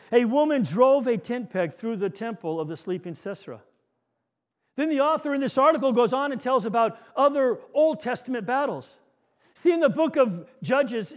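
Man preaching, very high voice, storytelling sermon, hushed on key lines. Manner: storytelling, drops to soft hush on key lines.

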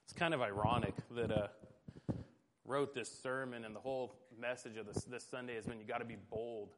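A man's voice: mid-range voice, fairly even intonation, fairly quick, slight background noise. A man preaching a sermon, telling stories in a casual, conversational way with self-deprecating humor.

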